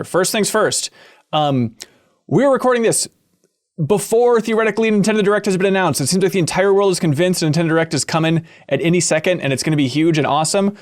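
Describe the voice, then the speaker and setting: A man hosting a games podcast in a playful, jokey way, breaking into sudden excited whoops. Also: on the high side, no echo, studio quality. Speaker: podcast host.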